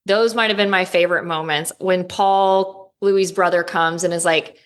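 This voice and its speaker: A woman's voice: on the low side, fairly even intonation, normal speed. A woman and parent co-hosting a casual podcast, talking emphatically about a show's emotional scenes. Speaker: podcast co-host. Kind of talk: casual pop-culture discussion.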